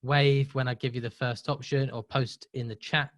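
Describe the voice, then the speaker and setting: A man's voice: mid-range voice, little pitch movement, normal speed, fairly bright tone, no room sound. A man hosting a live webinar, upbeat and chatty, running a quiz with the audience. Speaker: webinar host.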